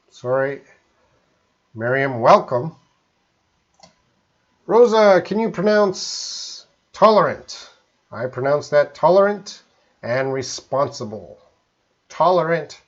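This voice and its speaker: A fairly high-pitched man from Canada teaches English on a live stream from home in Korea, fielding questions from viewers. He talks slowly and chooses each word carefully, and the sound is dull.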